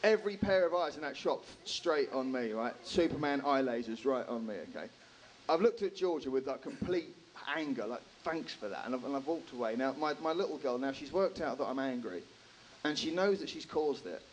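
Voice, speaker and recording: A man doing a stand-up comedy set in a live room, animated, swearing freely and acting out characters. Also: mid-range voice, a little fast, slight background noise, rough recording.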